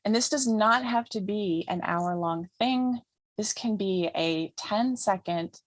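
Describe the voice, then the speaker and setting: A woman giving a calm, instructive talk about healing trauma as a guest speaker, often repeating phrases for emphasis. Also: mid-range voice, slow pace, no room sound. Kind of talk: teaching talk in an interview.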